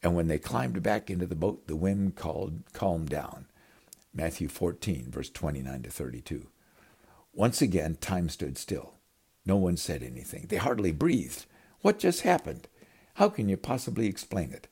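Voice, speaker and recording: A man's voice: low voice, lively intonation, moderate pace, a little mellow, slightly rough. A man preaching a storytelling sermon, acting out the scenes and calling his listeners his friends. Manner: dramatic storytelling, acting out voices.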